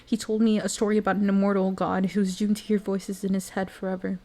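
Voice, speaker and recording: A woman voicing a weak, dying young man in a storybook reading, pleading softly. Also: medium pitch, little pitch movement, brisk, close to an everyday voice. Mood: wistful.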